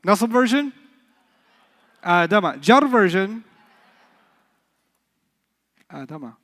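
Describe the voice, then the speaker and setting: High-voiced joking man teaching in a reverberant hall. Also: big pitch swings, slow, fairly bright tone. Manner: playful, joking, quizzes the class. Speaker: Arabic teacher. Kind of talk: lively classroom lecture.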